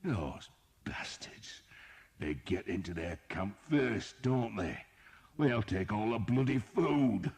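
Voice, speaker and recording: A man voicing a gruff veteran archer captain who talks coarsely and bluntly in an audiobook. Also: deep voice, unhurried, hardly any pauses, a little mellow, pitched above the performer's own voice. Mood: weary, bitter. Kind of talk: audiobook character voice.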